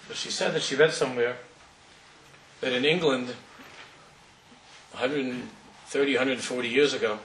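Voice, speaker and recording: A man's voice: medium pitch, steady tone, normal speed, pauses often, fairly bright tone, a little hiss or hum. A middle-aged man, a rabbi, tells a story during a talk, speaking in a conversational, digressive way with frequent restarts. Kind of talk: sermon storytelling. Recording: roomy hall from far off.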